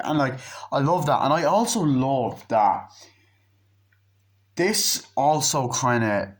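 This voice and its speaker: A man's voice: medium pitch, animated, slow, long pauses. A man giving a casual spoken movie review. He rambles, swears often, and uses lots of fillers. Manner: rambling, profane, with lots of fillers and acted-out dialogue.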